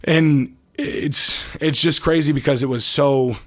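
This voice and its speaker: A man's voice: on the high side, steady tone, a little slow, no echo. A young adult man from Detroit, a podcast guest telling stories in a loose, slangy way with frequent restarts. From Detroit, Michigan. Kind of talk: casual storytelling interview.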